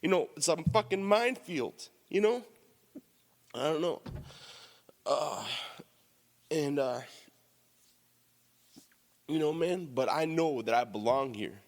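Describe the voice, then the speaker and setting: A man's voice: fairly high pitch, lively intonation, slow, pauses often. Emotional man sharing at a recovery meeting, near tears, blunt and swearing, long hall reverb. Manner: heavy "you know" and "man", blunt, swears. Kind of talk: emotional personal share.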